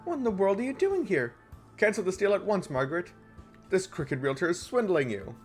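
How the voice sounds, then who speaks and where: A blustering middle-aged police official from a game hurls accusations at full volume, voiced by a man. His voice climbs high and lurches around, loud and pompous. Faint background music plays throughout. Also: lively intonation, a little fast.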